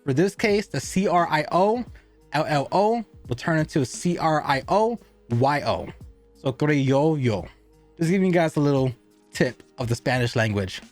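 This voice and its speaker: A man's voice: on the high side, animated, moderate pace, soft background music. A man giving a casual cigar review, rambling and asking and answering his own questions.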